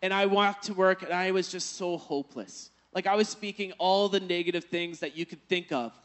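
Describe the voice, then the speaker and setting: High-voiced man preaching a sermon. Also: fairly even intonation, normal speed, a bit bright. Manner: storytelling, rising to emphatic exhortation. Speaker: pastor. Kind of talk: sermon with personal story.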